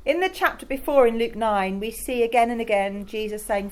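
Woman, preacher, fairly high voice, conversational, enthusiastic sermon. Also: brisk. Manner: conversational and enthusiastic, addresses the congregation directly. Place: church in Rotterdam.

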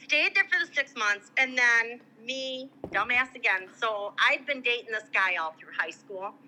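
Bright, lively woman telling stories. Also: fairly high pitch, measured pace, slight background noise, low-quality recording. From Michigan. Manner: animated, acts out quoted voices. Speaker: guest. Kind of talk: casual storytelling.

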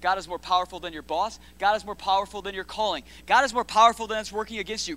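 A man preaching a sermon in slangy, energetic style, building up to loud repeated lines and dropping low again. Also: quick pace, hardly any pauses, no echo. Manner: builds to shouts in repeated phrases, then drops low. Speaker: pastor.

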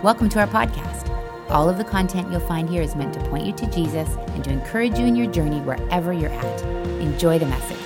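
A woman's voice: fairly low pitch, expressive, fast talker. A woman giving a friendly scripted welcome as a church podcast intro. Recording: over loud music.

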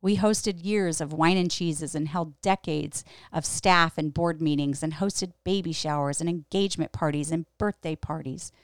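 Middle-aged woman host telling her own story, low gravelly voice, earnest and candid, dry close sound. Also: normal speed, hardly any pauses, dry recording. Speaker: podcast host and Bible teacher. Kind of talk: personal storytelling monologue.

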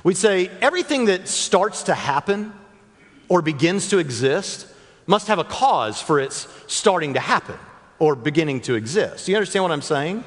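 A man speaks from a church stage to a live audience, his fairly high voice rising and falling with animated energy. He jokes and talks straight to the listeners. Long reverb from the big hall trails after his words. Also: normal speed. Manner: joking, chatty, speaks directly to the crowd.

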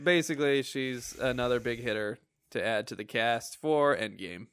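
A man's voice: medium pitch, normal speed, fairly bright tone, smooth, no room sound. A man co-hosting a casual movie review chat, easygoing and joking. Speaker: podcast co-host.

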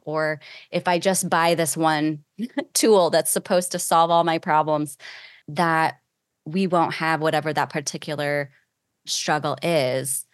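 A woman with a notably low, smooth and resonant voice hosts a faith podcast interview. She speaks in a reflective, thoughtful way as she poses her questions, and the sound is close and dry. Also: no room sound. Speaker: podcast host.

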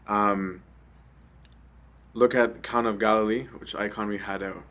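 A man's voice: lowish voice, steady tone, unhurried, fairly bright tone, dull audio. A young adult man giving a conversational sermon, often asking "right?" with many ums. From Egypt. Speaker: preacher.

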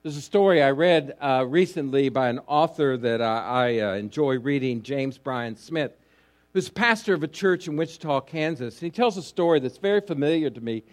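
Pastor telling a story in a sermon. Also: male voice, expressive, moderate pace. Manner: storytelling with frequent fillers and restarts, voice dropping low.

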